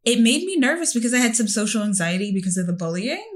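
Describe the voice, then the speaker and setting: A woman's voice: fairly high pitch, very animated, quick pace. A woman from Canada talking candidly and reflectively in a casual conversation, asking probing questions.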